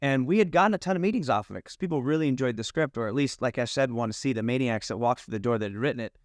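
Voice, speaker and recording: A man's voice: mid-range voice, rapid-fire, no echo, studio quality. A man, a film director, telling anecdotes in a casual interview and acting out the dialogue.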